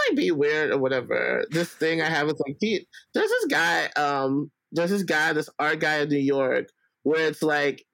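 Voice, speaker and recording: A man's voice: a little high, fairly bright tone, dry recording, rough recording. Playful, profane, rambling male guest from Alabama, dry close sound. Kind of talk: casual interview chat.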